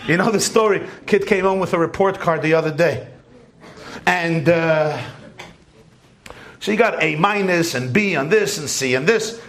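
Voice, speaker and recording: A man's voice: fairly high pitch, moderate pace, pauses often, fairly bright tone. A rabbi giving a lecture to a large audience, telling stories animatedly and joking with his listeners. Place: community center hall.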